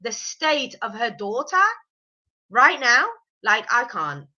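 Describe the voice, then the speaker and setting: A woman's voice: on the high side, big pitch swings, sharp tone, lo-fi sound. A woman with a slight cold, chatting in an opinionated way as she reviews a reality show. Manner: chatty, opinionated, quick to mock. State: has a cold. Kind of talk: casual review chat.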